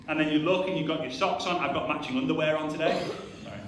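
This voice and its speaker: A man's voice: a little high, steady tone, fast, very noisy. Man in his thirties speaking in an echoey hall. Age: 30s. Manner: earnest, emphatic, fond of "like", acts out little voices. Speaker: conference speaker. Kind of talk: motivational stage talk. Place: large hall before an audience. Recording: echoey hall, distant mic.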